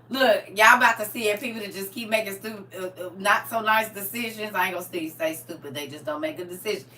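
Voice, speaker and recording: A woman's voice: mid-range voice, fairly quick, sharp tone, recorded from a distance. A woman, preaching casually and animatedly, acting out little scenes as she talks.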